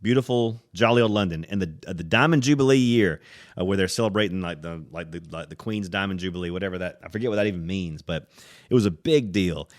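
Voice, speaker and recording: A man from the United States, hosting a podcast and animatedly telling a travel story in casual chat. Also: fast. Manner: animated storyteller, acts out voices with loud high-pitched impressions. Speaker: podcast host.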